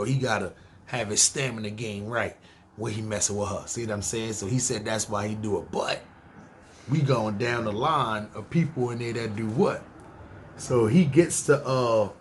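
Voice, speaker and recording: A man from Harlem, telling his life story in a rambling, slangy, profane way, addressing listeners directly. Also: medium pitch. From Harlem, New York. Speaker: podcast storyteller. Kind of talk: casual storytelling podcast.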